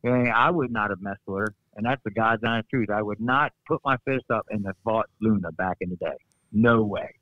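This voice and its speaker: A middle-aged man, a former wrestler, telling lively stories in casual podcast chat with folksy asides. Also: fairly low pitch, fairly quick, no echo. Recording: slightly dull dry remote audio.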